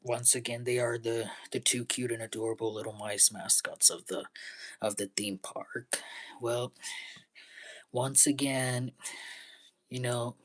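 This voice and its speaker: This young vlogger talks casually to the camera at a medium pitch with fairly even intonation. His speech is halting and repetitive, earnest and pleading in tone, and it frequently drops into breathy half-whispers.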